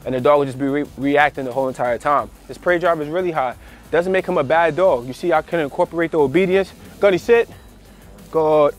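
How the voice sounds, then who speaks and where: A man with a slightly higher than average voice explains dog training in a loose, conversational way, circling back over his points and checking in with "all right?" He breaks off now and then to give his dog short commands. Faint music plays underneath. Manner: conversational, repeats phrases, frequent "all right" and "you know". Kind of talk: casual instructional talk to camera.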